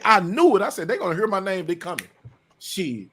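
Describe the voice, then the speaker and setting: Man, fairly high voice, slangy and animated, acts out dialogue, casual storytelling. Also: brisk, breathy edge. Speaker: podcast host.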